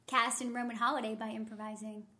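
A woman's voice: fairly high pitch, flat delivery, quick pace, bright, forceful tone. A woman co-hosting a podcast, chatting casually and telling a story with lots of fillers. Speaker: podcast co-host. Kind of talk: casual chat.

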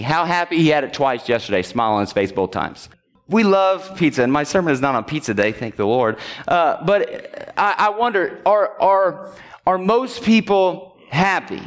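Pastor with a higher voice, conversational sermon. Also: male voice. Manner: conversational, keeps checking in with the congregation; chuckles while telling stories. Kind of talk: sermon with personal story. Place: church sanctuary.

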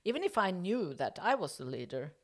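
Speaking a little fast in a lowish voice, a middle-aged woman from Norway tells a story in English as an interview guest. She is casual and hesitant, with frequent fillers and restarts, and lively when she acts out the dialogue.

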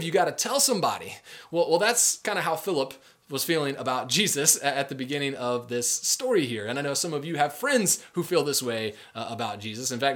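A young man gives a relaxed, conversational sermon. He retells the story in plain everyday speech and slips into lively quoted voices for its characters. His voice sits a little on the high side for a man. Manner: conversational, animated, acts out quoted voices with filler words. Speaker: pastor.

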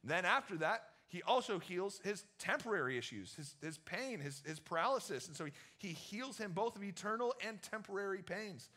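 A man's voice: high voice, animated, normal speed, hardly any pauses, bright, forceful tone. A young man preaching a casual youth sermon in a church, telling the story in a chatty way with many fillers. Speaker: youth pastor.

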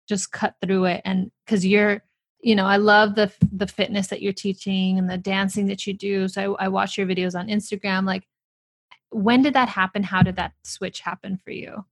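A woman hosts an interview and asks her guest empathetic questions. Her voice is mid-pitched and ordinary for a woman. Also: fairly even intonation, normal speed.

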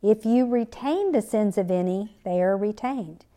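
The host of this faith podcast is a middle-aged woman whose medium-pitched voice is warm and animated, moving at a measured pace. She earnestly shares a personal story and quotes scripture.

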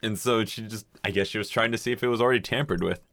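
A man's voice: on the low side, fast, fairly bright tone, dry recording, studio quality. A young man in casual chat, telling a long rambling story with casual swearing and acted-out quotes. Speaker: podcast co-host telling a story.

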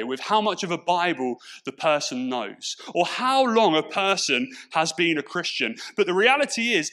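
A man's voice: high-pitched, a bit bright. A man from Portsmouth with an English accent, preaching a sermon with emphatic rhetorical questions. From Portsmouth, England. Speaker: pastor.

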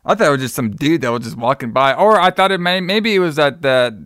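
A man's voice: on the high side, expressive, fast, a bit bright, clear, resonant tone, dry recording, clean studio sound. Rambling, profane man recapping a movie. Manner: rambling, profane, many "like" fillers, acts out quotes. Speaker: podcast co-host recapping a movie. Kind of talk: casual chat.

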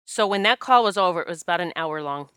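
A woman's voice: on the low side, quick pace, clean tone, no echo, clean studio sound. A woman who practises Reiki, telling a personal story in a candid, emotional, casual way and acting out what people said. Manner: emotional, candid, animated quoting of herself.

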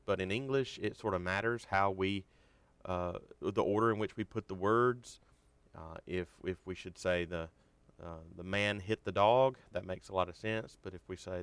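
A man giving an earnest devotional teaching on a Bible chapter, slowing down to stress key words. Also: low voice, clear, resonant tone, no room sound.

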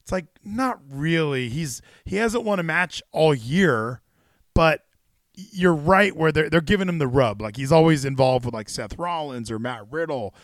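A man hosting a casual wrestling chat stream, excitable and rambling. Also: a little high, a little slow, no echo, studio quality. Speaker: stream host.

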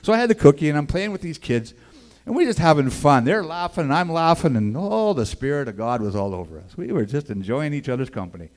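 A man's voice: a little high, quick pace. Folksy man telling his testimony. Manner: animated, acts out the other people's voices in his story; casual and folksy, with 'man' and 'boy, I tell you'. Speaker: speaker giving a personal testimony.

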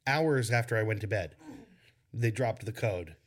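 Playful, lively-voiced male podcast co-host. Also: lowish voice, a little slow. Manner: playful, wry, goofy asides. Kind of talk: casual chat.

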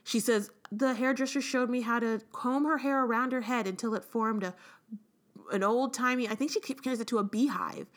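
Frank, animated woman, podcast co-host, casual book talk. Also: fairly high pitch, normal speed. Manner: animated, frank, quotes passages aloud. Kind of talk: casual chat.

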